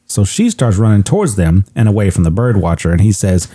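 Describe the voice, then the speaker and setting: A man co-hosting a podcast, recapping a film in a loose, joking way. His pitch swings widely as he tells it, and his tone stays mellow and relaxed. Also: brisk. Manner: retells the plot at length, loose and joking. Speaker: podcast co-host. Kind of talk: casual movie recap chat.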